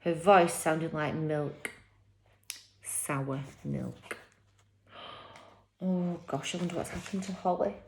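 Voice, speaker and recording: A woman reading a children's novel aloud chapter by chapter, with expressive, dramatic storytelling. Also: lowish voice, moderate pace, few pauses, a little hiss or hum.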